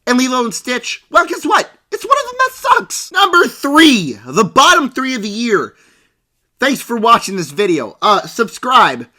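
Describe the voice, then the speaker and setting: A man's voice: sits high, sharp tone. A man ranting through a casual movie review with a sarcastic, exaggerated delivery.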